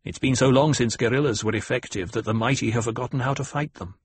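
A man voicing a young rebel leader who speaks firmly and commandingly, in a husky voice. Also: medium pitch, quick pace, dry recording, close to an everyday voice. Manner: firm, commanding. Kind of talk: audiobook character voice.

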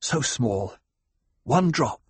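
A weak young visionary who speaks in a voice that is faint but steady, as a man plays him. The tone is husky and slightly raised, recorded dry and close. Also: medium pitch, very slow, dry recording, exaggerated voice. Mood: weary.

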